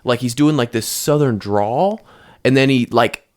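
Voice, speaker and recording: A man's voice: medium pitch, measured pace. A man co-hosting a podcast, chatting casually, rambling with lots of restarts and swearing. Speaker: podcast co-host. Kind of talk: casual chat.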